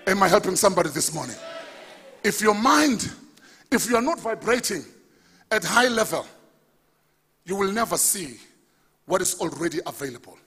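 A man preaching a sermon as pastor, building to shouted lines and calling out to the congregation. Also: sits high, sing-song, normal speed, long pauses, husky. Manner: preaching, rising to shouts, asking the congregation for responses.

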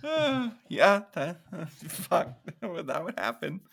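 A man's voice: high-pitched, big pitch swings, takes it slowly, creaky, fairly bright tone. A man co-hosting a podcast, casually retelling scenes from a horror movie with put-on quotes and laughter. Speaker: podcast co-host. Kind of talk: casual movie review chat.

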